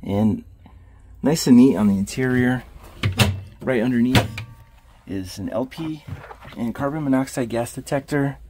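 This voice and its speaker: A man's voice: mid-range voice, unhurried, long pauses, noisy background. A man, an RV salesman, casually narrating a walkthrough of a camper van, upbeat as he lists each feature he points out. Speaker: RV salesman giving a walkthrough tour.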